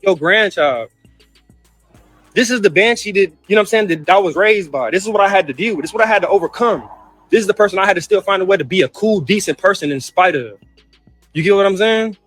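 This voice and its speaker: Heated fast-talking man, high voice. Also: expressive, fairly bright tone, no room sound, soft background music. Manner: heated, profane, repeats himself. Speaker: brother in a family feud clip. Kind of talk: emotional rant.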